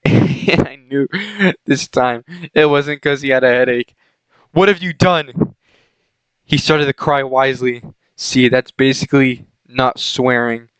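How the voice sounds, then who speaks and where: A man's voice: medium pitch, flat delivery, unhurried, clear, resonant tone, dry recording, low-quality recording. A young man doing a comedic reading of a fanfic aloud, often laughing and breaking off to comment on the text. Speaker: reader of a fanfic.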